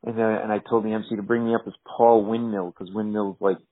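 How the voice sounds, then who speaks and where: Animated man telling stories, tinny audio. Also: fast. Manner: animated, acts out quoted characters in higher voices. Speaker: comedian guest. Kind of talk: storytelling in a podcast interview.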